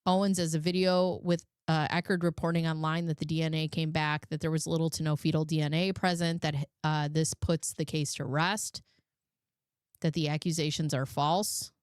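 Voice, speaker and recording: A woman's voice: low voice, level tone, moderate pace, clean tone, no echo, clean studio sound. A woman hosting a live stream, reading out court records with sarcastic asides. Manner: sarcastic asides, laughs at her own jokes. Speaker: live commentary host.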